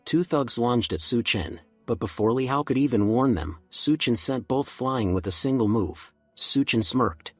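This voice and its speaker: Husky man narrating a story recap. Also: mid-range voice, expressive, normal speed, hardly any pauses, no room sound, soft background music.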